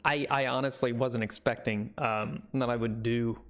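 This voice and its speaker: A man's voice: medium pitch, fairly even intonation, normal speed, fairly bright tone. A man with an American accent making casual, self-deprecating asides while streaming a dramatic reading. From United States. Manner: chatty, self-deprecating, laughing. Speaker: streamer reading a novel aloud.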